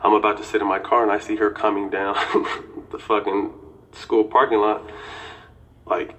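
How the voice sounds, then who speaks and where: A middle-aged man recounting a heated episode in casual storytelling, talking quickly with restarts and frequent swearing. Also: fairly low pitch, flat delivery, fairly bright tone. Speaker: interviewee telling a story.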